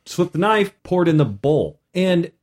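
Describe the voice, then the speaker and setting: A man hosting a casual podcast as a game master, animated, with many restarts. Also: high voice, a little slow.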